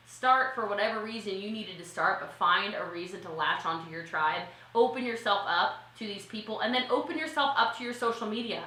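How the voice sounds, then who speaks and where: A woman from rural Maryland giving a chatty, animated motivational talk as a network marketing coach, laughing and saying "like" and "okay" a lot, a little teary. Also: mid-range voice, brisk, echoey room, low-quality recording. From Frederick County, Maryland. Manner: animated, laughing, swings from loud to soft. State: teary, eye watering. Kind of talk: casual motivational talk to camera.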